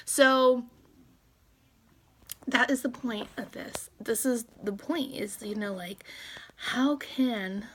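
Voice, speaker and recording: A woman's voice: a little high, slow pace, fairly bright tone, slight background noise. A woman in her thirties venting to her phone camera in a personal vlog, emotional, close to tears and laughing between words. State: close to tears, trying to hold it together. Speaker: vlogger.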